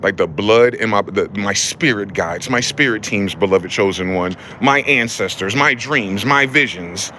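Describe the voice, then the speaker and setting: A man's voice: lowish voice, measured pace, hardly any pauses, bright, forceful tone, slight background noise. A man delivering an angry, profane, confrontational rant that circles back to the same rhetorical questions. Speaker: vlogger. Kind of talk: angry ranting monologue.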